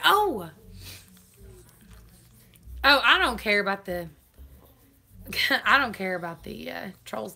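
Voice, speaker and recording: A woman's voice: fairly high pitch, gravelly, bright, forceful tone. A woman chatting casually on a live stream, laughing often. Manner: chatty, laughs often, Southern turns of phrase.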